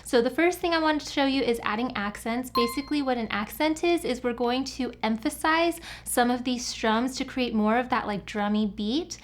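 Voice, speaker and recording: A woman's voice: fairly high pitch, moderate pace, few pauses, noisy background. A woman teaching a beginner guitar lesson step by step, counting the beats aloud as she strums. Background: acoustic guitar playing.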